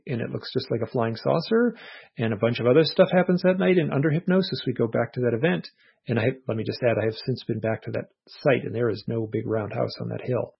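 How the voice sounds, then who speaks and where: A man, an author being interviewed, earnestly retelling a personal experience in a reflective, animated way, with his inner thoughts voiced as quotes. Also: medium pitch, gravelly, breathy edge. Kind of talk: casual conversational storytelling. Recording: muffled lo-fi audio.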